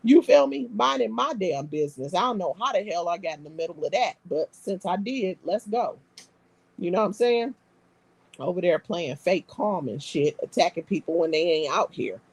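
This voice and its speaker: A woman with a lowish, creaky, slightly rough voice hosts a live stream at a normal pace with lively intonation. She reads viewer comments out loud and banters in a brash, profane, streetwise manner, keeping it casual.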